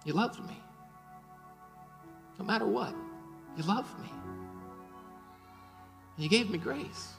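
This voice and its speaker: A man's voice: sits high, expressive, takes it slowly, creaky, pauses often, a bit bright, long reverb tail, faint music behind. A man preaching a sermon and leading a closing prayer, impassioned, with rising and falling emphasis and repeated words. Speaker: pastor.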